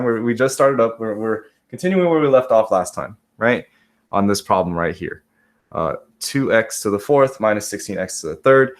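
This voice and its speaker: A man's voice: medium pitch, expressive, moderate pace. A man teaching a live math class in a casual way, often checking in with "right?" and talking to his students by name. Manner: talks to students by name, self-deprecating asides.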